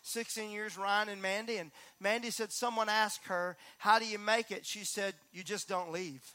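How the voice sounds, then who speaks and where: A middle-aged man preaching a sermon, moving from calm talk to loud, repeated emphatic lines. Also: high-pitched, moderate pace, no echo. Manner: builds from calm to near-shouting emphasis, repeats key phrases. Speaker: pastor.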